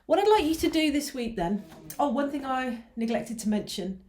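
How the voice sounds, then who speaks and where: A woman's voice: sits high, expressive, moderate pace, a little mellow. A woman teaching an online ukulele lesson, patiently explaining rhythms and counting beats aloud. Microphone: mic close by, teacher moves nearer. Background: ukulele strumming.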